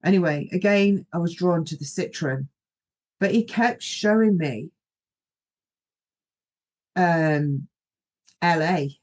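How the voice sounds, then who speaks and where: A woman's voice: lowish voice, slow pace, long pauses, darkish tone, muffled recording. A middle-aged woman, hosting a podcast and telling a personal story in a rambling, anecdotal way, often quoting herself. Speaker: podcast host.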